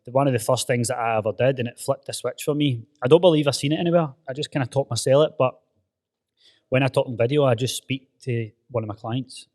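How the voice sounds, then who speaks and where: Scottish pt talking fast in a gym, swears a lot, calls everyone mate. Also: male voice, mid-range voice, a little mellow. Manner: blunt and sweary, with lots of "mate" and "aye". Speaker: podcast host and personal trainer. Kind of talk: casual chat.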